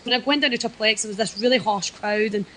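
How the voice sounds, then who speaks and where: A woman's voice: fairly high pitch, fast talker, bright, forceful tone, a little hiss or hum, rough recording. A Scottish woman, a wrestler guest, chatting casually and self-deprecatingly in a podcast interview. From Scotland.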